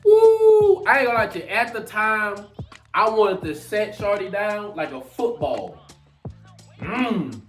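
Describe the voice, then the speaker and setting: A man in his twenties telling a childhood story in an animated, slangy vlog style. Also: high voice, a little slow, soft background music. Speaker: vlogger.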